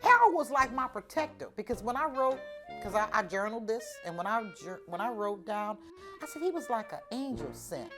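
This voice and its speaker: A woman, telling her own story in an animated, informal way and acting out the dialogue. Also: fairly high pitch, fairly quick, over music. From New Orleans, USA. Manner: animated, acts out the dialogue, informal Southern speech. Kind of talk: personal storytelling.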